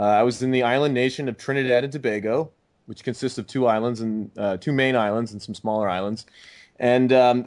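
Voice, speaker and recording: A young American man co-hosting a casual comedy podcast, rambling with deadpan, mock-serious sarcasm. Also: mid-range voice. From United States. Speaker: podcast co-host.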